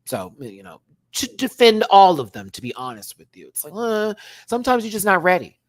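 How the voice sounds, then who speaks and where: A man hosting a live-stream show review, talking in a sassy, animated way and laughing often. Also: high-pitched, fairly quick, no room sound. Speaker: drag show reviewer and channel host.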